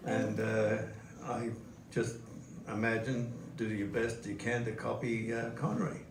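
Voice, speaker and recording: A man's voice: mid-range voice, measured pace. Older man telling stories. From Australia. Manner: anecdotal, chuckling storyteller. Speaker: interview guest. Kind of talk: live stage interview. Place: museum event hall with audience. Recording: echoey hall from far off, noisy.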